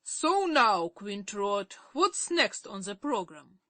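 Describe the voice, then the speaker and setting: A woman's voice: mid-range voice, sing-song, slow pace, pushed and bright, dry recording, full character voice. A woman reading an audiobook, voicing an easygoing old sailor. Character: old sailor man, calm and friendly.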